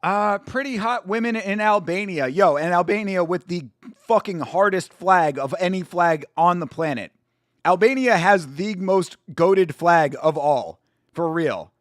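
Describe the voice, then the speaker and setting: Young dude streaming a fight watch-along, high voice, hyped and slangy, lots of cussing. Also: male voice, measured pace, no room sound, clean studio sound. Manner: excitable, slangy, swears, laughs often. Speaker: stream host. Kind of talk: casual live watch-along commentary.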